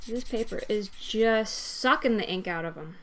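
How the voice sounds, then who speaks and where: A woman's voice: medium pitch, normal speed, fairly bright tone, slight background noise. A woman drawing with markers who mutters to herself in a sing-song way. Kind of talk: casual chat while drawing.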